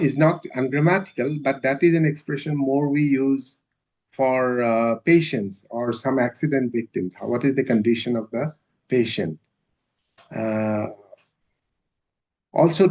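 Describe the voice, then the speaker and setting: A man giving a university lecture in a measured, hesitant way, with many filler sounds. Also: mid-range voice, a little mellow. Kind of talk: academic lecture. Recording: dull lo-fi recording.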